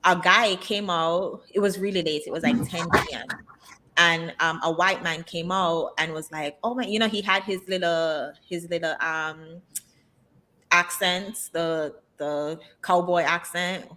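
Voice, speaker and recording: A woman's voice: lowish voice, fairly even intonation, a little slow, sharp tone, slight background noise. Candid, opinionated woman guest. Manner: candid and opinionated, uses lots of fillers. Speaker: interview guest. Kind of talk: casual interview chat.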